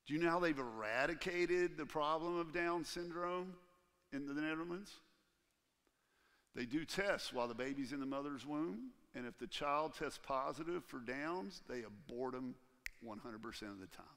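A man preaching a sermon as pastor in a church, animated and acting out the voices he quotes. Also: fairly high pitch, moderate pace, big-room sound. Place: church sanctuary.

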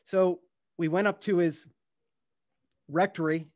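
A man's voice: sits high, fairly even intonation, slow pace, a little mellow. A middle-aged man giving an earnest, heartfelt storytelling talk as a guest speaker. He sometimes stumbles and restarts as he goes, and partway through he reads a passage from his book.

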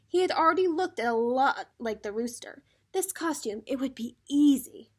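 A teacher reads a picture book aloud to young children and keeps turning to talk with them. Her voice is high and very animated, rising and falling as she tells the story. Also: normal speed, few pauses. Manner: animated storybook reading, addressing kids directly.

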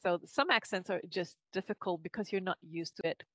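A woman's voice: lowish voice, a little fast, fairly bright tone, no echo. A woman from Canada with a Quebec French accent, speaking English as a second language as a guest linguist in a podcast interview, thoughtful and laughing often, with many fillers and restarts.

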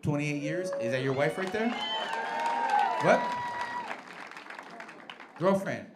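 A man in his forties works the crowd in a comedy club, brash and profane, swooping up and down in pitch as he needles people. His mic picks up an echoey room full of loud, laughing audience noise. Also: lively intonation, slow. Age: 40s. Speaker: stand-up comedian. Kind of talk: stand-up crowd work.

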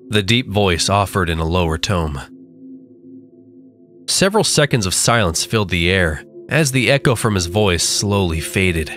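A man narrating a creepy story with slow, dramatic delivery. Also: sits low, animated, a bit bright, soft background music. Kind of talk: scripted horror narration.

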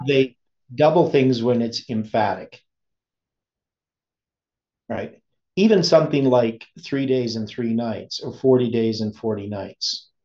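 A man teaching an informal Bible study, speaking haltingly and often stopping to search for words. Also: mid-range voice, a little mellow. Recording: dull lo-fi recording.

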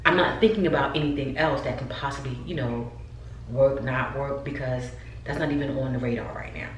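A woman's voice: very deep voice, a little fast. A woman vlogging from home, chatting casually and talking straight to her viewers. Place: upstairs room at home. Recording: roomy echo, mic at a distance, faint background noise.

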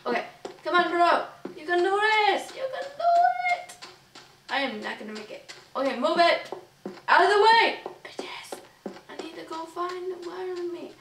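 A woman casually narrating a video game playthrough, excitable and foul-mouthed, yelping and shouting at the game. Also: very high voice, normal speed, slight background noise. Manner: excitable, swears a lot, yelps and shouts at the game. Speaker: gamer doing a playthrough. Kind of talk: casual let's play commentary. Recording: roomy, distant mic with game music. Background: video game music and sounds.

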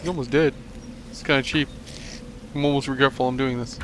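A man's voice: mid-range voice, fairly even intonation, brisk, fairly bright tone. A young man commenting on his game as a let's play host, joking and rambling and talking back at the enemies. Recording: noisy home recording.

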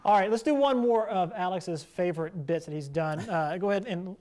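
A man hosting a laid-back late-night show, chatting easily with his cast. His voice sits a little on the high side of average. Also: fairly quick. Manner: relaxed, sincere when speaking from the heart. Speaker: talk show host.

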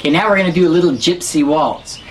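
A man teaching a harmonica lesson, explaining technique in a relaxed way and correcting himself as he goes. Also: fairly high pitch, fast talker, soft background music, poor audio. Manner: demonstrates sounds and counts beats aloud. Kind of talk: instructional lesson.

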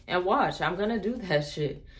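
A woman's voice: on the low side, lively intonation, normal speed. A young woman chatting candidly to her phone camera as a beauty vlogger, frank and profane, with slangy asides. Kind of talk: candid casual chat to camera.

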